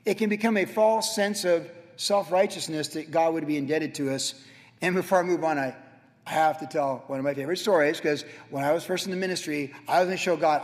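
A man preaching a sermon as pastor, telling stories with animated, acted-out moments. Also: on the high side, a little fast. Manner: animated storytelling, acts out his own past self. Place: church sanctuary. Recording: church hall with long reverb.

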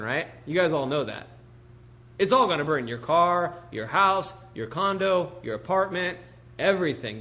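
A man preaching a sermon as a pastor, animated and full of rhetorical questions, often acting out the voices of others. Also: on the high side. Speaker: pastor planting a church.

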